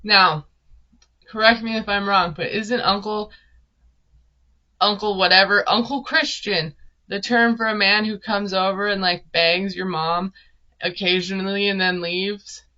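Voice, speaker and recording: A woman's voice: medium pitch, steady tone, measured pace, sharp tone, muffled recording. A woman, recapping a reality show in casual, sarcastic commentary. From Minnesota. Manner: chatty, sarcastic, laughs often. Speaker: TV recap vlogger.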